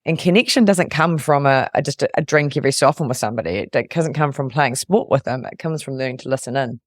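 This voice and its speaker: A woman's voice: a bass voice, quick pace, no room sound, clean studio sound. A woman who hosts an interview podcast and works as a resilience coach, speaking in an earnest, reflective way. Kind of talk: interview conversation.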